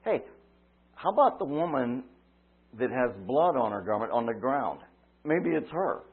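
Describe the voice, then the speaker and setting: A man preaching a sermon, retelling a story dramatically, swinging from loud cries to quiet asides. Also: mid-range voice, lively intonation, unhurried, breathy edge. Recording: tinny phone-like line.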